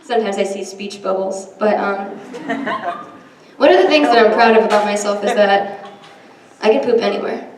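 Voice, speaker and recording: A woman's voice: mid-range voice, normal speed. A young woman performing a self-deprecating stand-up set, chatty and full of ums, in front of a live audience. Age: young adult. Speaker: stand-up comedian. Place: large hall with a live audience. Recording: echoey hall from far off. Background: audience laughter and room noise.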